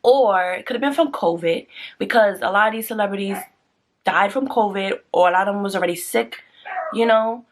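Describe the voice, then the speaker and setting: Chatty woman vlogger ranting to camera. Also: brisk. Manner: chatty and blunt, slangy, with big swings in pitch when excited. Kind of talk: casual rant to camera.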